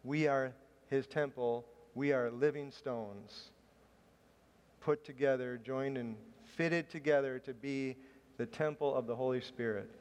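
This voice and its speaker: A man's voice: mid-range voice, steady tone, a little slow, a little mellow, clear, resonant tone. Man preaching in a reverberant church hall. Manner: chatty, self-deprecating storytelling with laughs. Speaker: pastor. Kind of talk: sermon with personal story.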